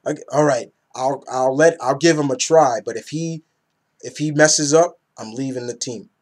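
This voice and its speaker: A man's voice: mid-range voice, moderate pace, close to an everyday voice. A man voicing a resentful young male space pilot who grudgingly agrees to follow a new leader.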